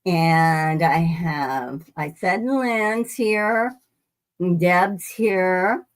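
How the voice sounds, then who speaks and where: Extremely slow and lowish in pitch, a woman hosts a laid-back live quilting demonstration from her sewing room. She meanders, restarts her sentences, and says hello to viewers by name.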